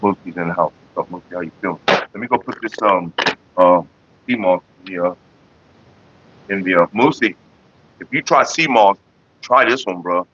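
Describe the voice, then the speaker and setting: A man hosting a livestream who tells profane, animated stories in a casual way and chats with viewers. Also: low-pitched, moderate pace, pauses often, lo-fi sound, slight background noise. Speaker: livestream host.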